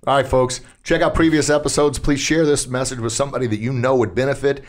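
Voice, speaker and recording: A man's voice: mid-range voice, steady tone, fast. A middle-aged man hosting a podcast from a studio, talking casually and upbeat, laughing at his own slips. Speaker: podcast host. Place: recording studio.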